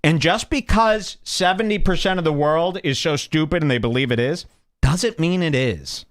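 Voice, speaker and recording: Man, podcast host, fired-up rant, scornful, slightly high voice. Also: moderate pace, a bit bright. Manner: heated, emphatic, scornful. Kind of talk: ranting commentary on clips.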